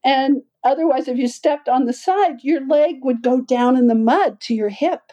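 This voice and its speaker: A woman guest on a podcast, telling a long travel story in lively conversation, laughing often and acting out quoted voices. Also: moderate pace, low-quality recording. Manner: animated, acts out quoted voices with big pitch jumps; laughs often while talking.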